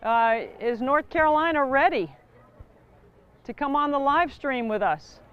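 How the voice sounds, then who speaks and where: A woman's voice: high voice, expressive, unhurried, muffled recording. A woman with a Southern US accent, upbeat and chatty, hosting a live charity stream.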